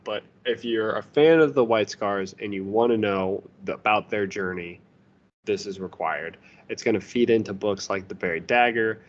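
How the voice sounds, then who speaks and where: Low-voiced man chatting, lo-fi sound. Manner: loose, profane, laughs at his own jokes. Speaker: podcast co-host. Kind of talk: casual book review chat.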